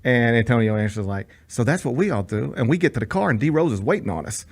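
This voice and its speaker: A man's voice: medium pitch, quick pace. A man hosting a sports radio show, telling stories in casual chat and acting out the quotes. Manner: animated storyteller, acts out quotes.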